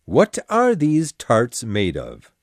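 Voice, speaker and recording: A woman reading an audiobook voices a pompous, fussy old king presiding over a trial in a deep, gruff, commanding tone. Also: wildly swooping pitch, takes it slowly, darkish tone, no echo, studio quality, heavily acted. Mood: stern.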